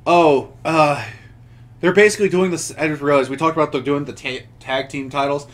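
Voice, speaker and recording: A young man with a slightly higher voice tells a wrestling recap on a casual podcast. He rambles, restarts his sentences, and laughs as he goes. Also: steady tone, a little fast. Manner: rambling, many restarts, laughs while telling. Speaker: podcast co-host.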